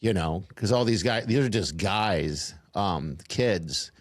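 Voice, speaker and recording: A man's voice: deep voice, animated, slow pace, dry recording. A man co-hosting a podcast, chatting casually and rambling with fillers, laughing often. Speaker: podcast co-host. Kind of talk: casual chat.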